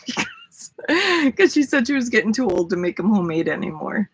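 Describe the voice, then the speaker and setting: Chatty and quick to laugh, this livestream host greets her viewers by name in a casual live chat. She speaks fast and expressively at medium pitch, with a slightly rough voice.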